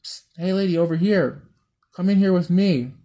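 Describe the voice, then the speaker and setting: A man's voice: sits high, moderate pace, dark tone, voice pushed up, natural voice. A man doing a sly little girl's voice. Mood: urging. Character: sly little girl of ten or eleven.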